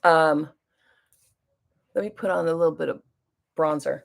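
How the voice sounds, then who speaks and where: A creaky, low-pitched voice belongs to a middle-aged beauty vlogger who speaks a little slowly. She reads viewer comments out loud and does her makeup during an easygoing get-ready-with-me chat.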